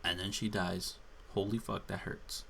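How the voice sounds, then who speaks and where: A man ranting alone while drunk, swearing and exasperated. He talks slowly, with long drags between his words. A faint hiss of noise runs under the recording. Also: deep voice, flat delivery, gravelly, pushed and bright. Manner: angry, profane, exasperated. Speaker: channel host. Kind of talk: drunken solo rant.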